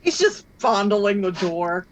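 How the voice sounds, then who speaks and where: A man playing a tabletop game lays out his character's moves one step at a time. His voice is high for a man. He speaks at a slow, deliberate pace. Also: big pitch swings, lo-fi sound, slight background noise. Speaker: player.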